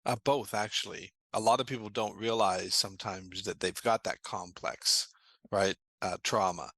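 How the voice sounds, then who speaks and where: A man with a bright, forceful voice talks as a guest in an interview, earnestly explaining his therapy work. He has a fairly low voice, and the recording is dry and close, with no room sound. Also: fairly even intonation, moderate pace, husky, dry recording. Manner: earnest, explanatory, tells anecdotes. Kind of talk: conversational interview storytelling.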